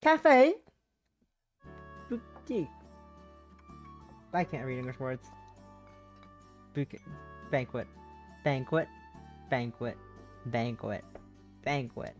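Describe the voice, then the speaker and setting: A woman streaming a game playthrough, reading the text aloud in a lively, casual way and tripping over words. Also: very deep voice, takes it slowly, pauses often, faint music behind. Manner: animated, stumbles and rereads words.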